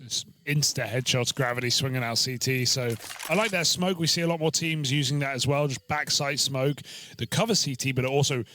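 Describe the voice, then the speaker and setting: A man's voice: medium pitch, fairly quick, pushed and bright. Tactical male esports analyst. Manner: explanatory, tactical breakdowns. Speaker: esports color commentator.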